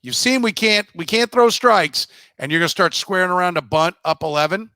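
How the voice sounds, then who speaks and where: A man's voice: high-pitched, lively intonation, a little fast, sharp tone, no room sound. A man co-hosting a casual sports podcast, blunt and profane, mocking others in put-on voices. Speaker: podcast co-host.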